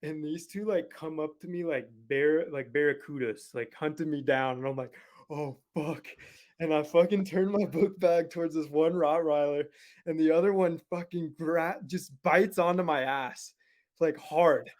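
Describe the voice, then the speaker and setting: A young man who is a podcast guest, telling a story in a casual, animated, profane way. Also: on the high side, normal speed.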